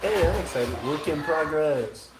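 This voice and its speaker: A man's voice: a little high, lively intonation, measured pace, very noisy. A man hosting a livestream who reads out viewer comments and rambles through questions, full of "uh" fillers. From Texas. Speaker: host of a micronation livestream. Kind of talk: casual livestream chat reading comments.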